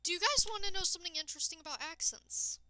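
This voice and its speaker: High, bright, chatty woman streamer. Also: quick pace, dry recording, poor audio. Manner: rambling, chatty, talks straight to chat. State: low-energy, tired. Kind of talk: casual live-stream chat while gaming.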